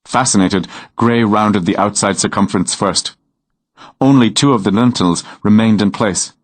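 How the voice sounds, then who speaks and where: A man narrating a romance novel in a measured, unhurried storytelling manner. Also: lowish voice, no echo. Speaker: audiobook narrator.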